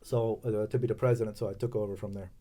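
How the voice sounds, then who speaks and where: A man from Los Angeles speaking as a podcast guest in casual, halting talk with many fillers and restarts. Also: lowish voice, steady tone, dark tone. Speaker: podcast guest, chamber of commerce president. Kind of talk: casual interview chat.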